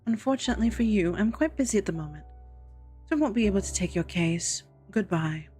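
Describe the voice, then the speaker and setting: A woman voicing a tall, coolly polite female witch with a put-on French accent, speaking in a slow, formal and smug way. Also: mid-range voice, lively intonation, darkish tone, soft background music, natural voice. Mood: firm. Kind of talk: reading a visual novel aloud.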